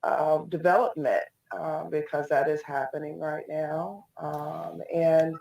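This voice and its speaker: A woman's voice: deep voice, fairly even intonation, takes it slowly, vocal fry, darkish tone. A woman guest in a casual online interview, answering thoughtfully with many ums. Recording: echoey room, distant mic.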